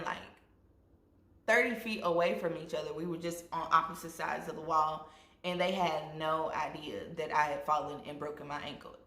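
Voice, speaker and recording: A young woman vlogger telling a storytime with lively asides to her viewers, acting out what people said. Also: fairly low pitch. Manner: animated, addresses viewers as y'all, acts out quotes. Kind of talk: storytime vlog. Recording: echoey room.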